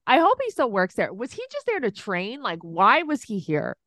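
A woman's voice: fairly high pitch, wildly swooping pitch, a bit bright, dry recording, studio quality. A woman co-hosting a podcast, reacting bluntly and with disbelief in casual chat about a reality show. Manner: blunt, incredulous, quick to laugh. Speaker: podcast co-host.

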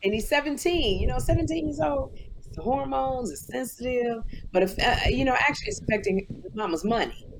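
A woman co-hosting a casual talk show, telling stories in an animated way and mimicking other people's voices. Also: a little high, a little fast, slight background noise. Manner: animated storyteller, mimics voices in her anecdotes. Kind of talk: casual chat.

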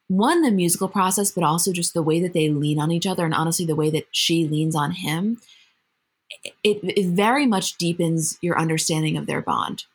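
A woman with a low, husky voice, co-hosting a podcast in casual chat. She talks thoughtfully and at a measured pace. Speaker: podcast co-host.

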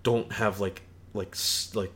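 A man's voice: on the low side, fairly even intonation, measured pace, a bit bright. A man in casual podcast chat, joking, swearing and acting out voices.

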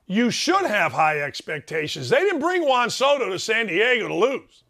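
Man, sports radio host, animated, bright tone, lively pitch. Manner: animated, emphatic, repeats phrases for effect. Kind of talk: energetic talk radio monologue.

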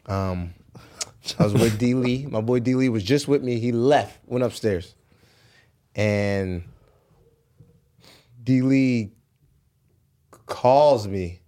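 A man's voice: mid-range voice, slow pace, pauses often. A young man, a podcast guest, telling a story in casual chat and acting out the voices in it. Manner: animated, acts out voices in his stories. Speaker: podcast guest, pro basketball player.

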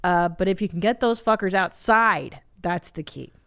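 A woman's voice: lowish voice, moderate pace, a bit bright. A middle-aged woman hosting a podcast, giving blunt, profane parenting advice in a casual chat. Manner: blunt, brash, swears freely. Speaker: podcast host.

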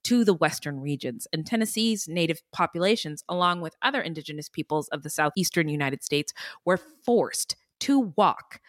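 A woman's voice: sits low, expressive, normal speed, hardly any pauses, dry recording, clean studio sound. A woman co-hosting a true-crime podcast in casual chat, blunt and profane, and she laughs when something makes her uneasy. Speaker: podcast co-host.

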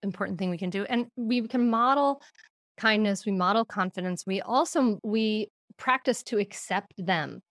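A woman's voice: medium pitch, moderate pace, no echo, clean studio sound. Earnest woman explaining parenting ideas. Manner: earnest, explanatory, gentle teaching tone. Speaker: parenting guest expert. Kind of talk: interview answers.

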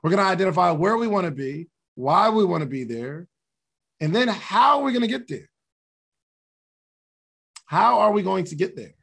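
Gravelly man in casual motivational talk. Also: high-pitched, fairly bright tone. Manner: conversational, laughs at himself, repeats key questions. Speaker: podcast host.

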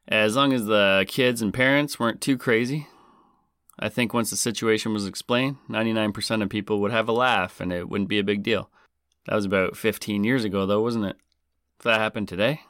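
Brief: male podcast host, smooth and low, deadpan jokes, dry close mic. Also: no echo. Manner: joking, dry. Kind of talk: casual podcast talk.

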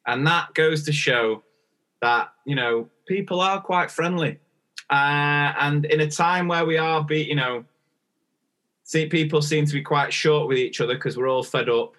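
A man's voice: fairly high pitch, a little slow, pushed and bright. A young man, co-hosting a podcast and telling a story in casual chat, acting out the dialogue. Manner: chatty storytelling, acts out dialogue. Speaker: podcast co-host.

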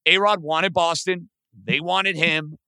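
A man with a somewhat high, smooth and bright voice in casual sports talk. He tells stories steadily, recorded dry and close. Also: a little slow, no room sound. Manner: storytelling, steady, sets up points for his co-host. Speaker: podcast co-host.

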